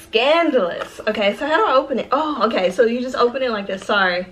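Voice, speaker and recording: A bubbly, excitable woman chatting straight to her viewers while unboxing in a casual vlog, recorded indoors. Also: fairly high pitch, quick pace, slight background noise. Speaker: beauty vlogger.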